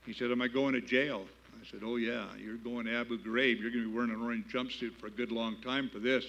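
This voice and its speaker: A man's voice: medium pitch, flat delivery, fast talker, fairly bright tone, dull audio. Older man giving a plain-spoken keynote. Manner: plain-spoken, folksy, building to emphatic patriotic appeals. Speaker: keynote speaker. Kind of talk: storytelling speech. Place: gala banquet hall.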